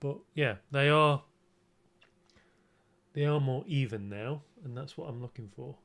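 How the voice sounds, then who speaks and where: His voice is creaky and sits at a middling pitch as this male streamer does a makeup tutorial on a casual livestream. He goes slowly, wanders in his talk, laughs at himself, and often restarts sentences.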